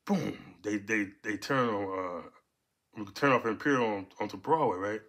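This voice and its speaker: A man in his fifties from Los Angeles, telling a personal story in animated, profane street talk. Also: moderate pace. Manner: animated, profane, punctuates with "boom". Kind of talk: casual storytelling.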